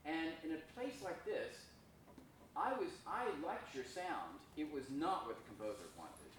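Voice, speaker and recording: A man's voice: a little high, sing-song, unhurried, a bit bright. A man teaching a school orchestra masterclass, frank and self-deprecating, singing phrases to show what he means. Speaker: visiting violinist teaching a masterclass. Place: school rehearsal room, echoey. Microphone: recorded from afar by a room camera. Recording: echoey room, distant, noisy.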